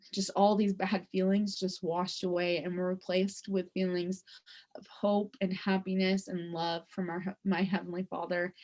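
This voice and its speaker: A woman's voice: medium pitch, a little mellow. A young woman telling a personal story for a class presentation, in a conversational way that is full of "like" and "um". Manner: conversational, with frequent "like" and "um" fillers. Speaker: student presenter.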